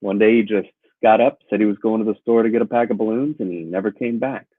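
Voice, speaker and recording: A man doing a deadpan stand-up routine with dry punchlines, heard over a call. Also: on the low side, quick pace, slightly rough, no echo. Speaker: comedian guest. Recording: tinny phone-like line.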